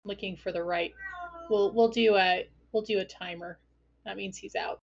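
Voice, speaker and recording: A woman running a tabletop game as game master, giving brisk, matter-of-fact rulings. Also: mid-range voice, steady tone, vocal fry, highs cut off.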